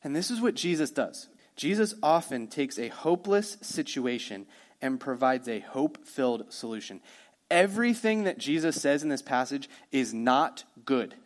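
Guy pastor giving a sermon, casual and energetic, keeps talking right to the crowd. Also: mid-range voice, normal speed. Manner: energetic, conversational preaching with asides.

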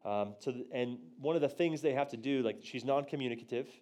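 Moving along fairly quickly, a male preacher tells a story to his church group about prophecy, voicing his own quotes animatedly with large jumps in pitch and volume. Tender passages drop to a hush, while punchlines burst out loud.

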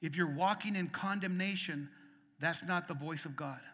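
A male pastor with a high, bright, forceful voice delivers a passionate sermon. He climbs to loud emphatic peaks, then drops to quiet, intimate passages. His voice rings out with the long reverb of a church hall. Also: normal speed. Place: church sanctuary.

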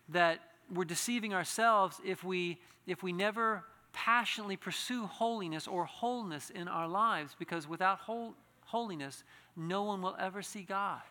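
A high, bright male voice preaching in a long-reverb church hall. He speaks earnestly and climbs into impassioned pleading, often restarting his phrases. The sound carries a lingering echo. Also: normal speed. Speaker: pastor. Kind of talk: sermon.

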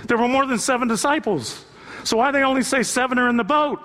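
High-voiced male pastor in a reverberant hall. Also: quick pace, a bit bright. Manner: conversational and joking, with rhetorical questions to the audience. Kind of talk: sermon. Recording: long reverb from a large hall.

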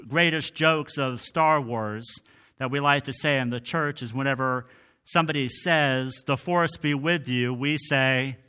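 Pastor guy preaching real slow, bright kinda high voice, trails off soft at the end of lines. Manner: deliberate, voice trails off softly at phrase ends. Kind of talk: sermon.

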